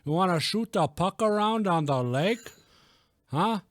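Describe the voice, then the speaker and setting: A man's voice: high-pitched, animated, measured pace, no echo, studio quality, pitched above the performer's own voice. A man putting on a chummy Canadian guy. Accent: exaggerated Canadian. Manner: sing-song, ends lines with a questioning "eh?" and "huh?". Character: folksy hockey-loving Canadian guy, friendly and chummy.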